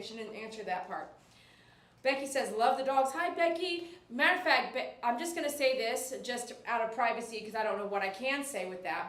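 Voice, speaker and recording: A woman's voice: on the high side, fairly bright tone, echoey room. A woman, a dog groomer chatting on a casual livestream and reading viewer comments aloud.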